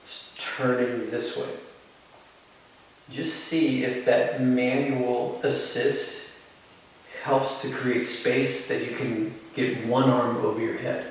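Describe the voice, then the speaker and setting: A man teaching a live yoga class, giving calm, encouraging step-by-step cues. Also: medium pitch, slow, far from the mic. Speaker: yoga instructor. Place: yoga studio. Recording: very echoey room, voice from off-mic, faint hiss.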